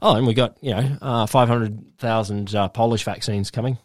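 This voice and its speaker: A man's voice: medium pitch, steady tone, moderate pace, no room sound, clean studio sound. An Australian man co-hosting a podcast, explaining things with many restarts and fillers in casual chat. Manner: hesitant, full of restarts, explaining figures. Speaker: podcast co-host.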